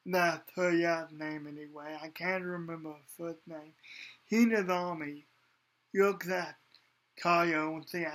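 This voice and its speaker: A man's voice: fairly high pitch, fairly even intonation, slow pace, a bit bright. A man giving a casual spoken anime review, hesitant, with many ums and restarts.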